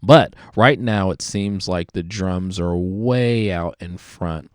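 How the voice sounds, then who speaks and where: A man with a low, smooth voice walks through his work in a relaxed tutorial, filling his sentences with easy little hedges. He sounds close to the mic in a dry, deadened space. His tone is explanatory and unhurried. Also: dry recording. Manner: relaxed, explanatory, many fillers like kinda. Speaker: music production teacher. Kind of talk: screen-recorded production tutorial.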